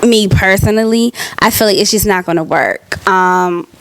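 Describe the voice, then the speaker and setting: A woman's voice: mid-range voice, normal speed, vocal fry, fairly bright tone, smooth. A bubbly young woman answers her own interview questions in a loose, chatty way. She is an aspiring talk show host and fills her speech with "like" and "um". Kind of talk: casual self-interview answers.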